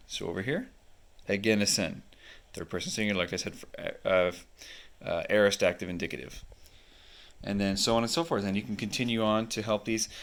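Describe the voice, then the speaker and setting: A man's voice: on the low side, a bit bright. A man casually reviewing a book as he leafs through its pages, explaining unhurriedly with frequent fillers.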